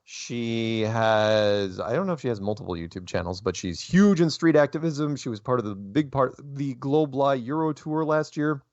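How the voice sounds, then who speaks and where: A man hosting a talk show, talking in a rambling, animated way and laughing often. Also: medium pitch, moderate pace, hardly any pauses, no room sound, highs cut off. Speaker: show host. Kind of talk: casual interview chat.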